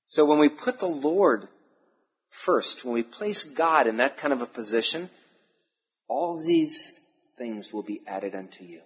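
A male pastor preaching a sermon, emphatic, repeating key phrases and pausing between them. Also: mid-range voice, animated, slightly rough. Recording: dull lo-fi sermon recording.

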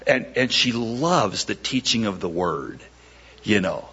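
Male pastor, husky, storytelling sermon, animated and acting out voices, dull lo-fi recording. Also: lowish voice, slow pace. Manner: animated, acts out quoted voices.

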